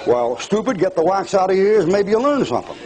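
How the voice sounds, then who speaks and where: Taunting older preacher, animated pitch. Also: male voice, fast talker, a crowd in the background, poor audio. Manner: taunting, mocking audience, bursts of laughter. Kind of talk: televised fire-and-brimstone sermon.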